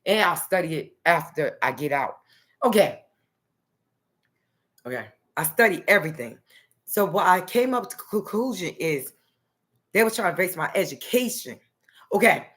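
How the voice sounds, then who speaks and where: A woman's voice: on the low side, expressive, moderate pace, pauses often, fairly bright tone. A woman from New Jersey talking in a loose, rambling personal monologue to the camera, dotting her talk with "okay" and "nice". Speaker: vlogger.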